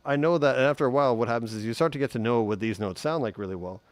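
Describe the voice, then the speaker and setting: A man giving a relaxed, chatty guitar lesson on a live stream, humming note sounds as he explains. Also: medium pitch, rapid-fire, no echo. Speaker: guitar teacher.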